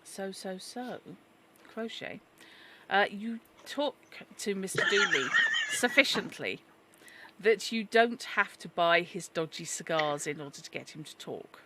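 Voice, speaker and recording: A woman running a tabletop horror game as game master, chatty and quick to correct herself and apologise. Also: medium pitch, lively intonation, background noise.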